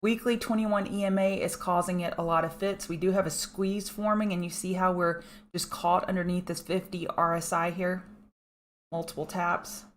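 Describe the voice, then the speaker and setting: A woman's voice: lowish voice, little pitch movement, normal speed. Chatty woman hosting a market livestream. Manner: chatty, greets chat viewers by name while reading charts. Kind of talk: casual live chart analysis.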